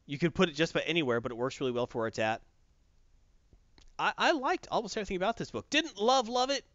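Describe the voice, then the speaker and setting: A man's voice: fairly high pitch, animated, quick pace, a bit bright, no echo. A man hosting a casual comic review chat, retelling a story animatedly and acting out the voices, in a dull lo-fi recording. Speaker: podcast co-host reviewing comics.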